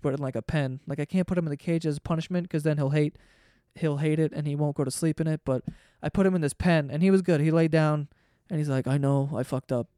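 Male podcast host, casual swearing storyteller, smooth and clean, dry close sound. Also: fairly high pitch, a little mellow, no echo. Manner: profane, rambling storyteller.

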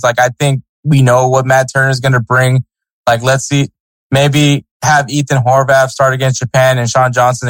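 A man's voice: medium pitch, no room sound, rough recording. Rambling male podcast co-host. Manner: rambling, many fillers and restarts. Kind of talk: casual sports chat.

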